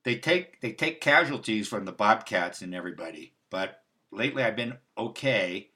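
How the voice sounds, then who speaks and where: A man's voice: on the low side, lively intonation, moderate pace, sharp tone. A man hosting a casual livestream, talking in a loose, rambling way with restarts and asides. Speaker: host. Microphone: livestream mic.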